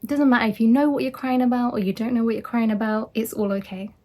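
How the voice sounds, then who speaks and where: A woman life coach talking earnestly and encouragingly to her listeners, now and then dropping into a soft whisper. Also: fairly high pitch, fairly even intonation, quick pace. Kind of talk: motivational monologue.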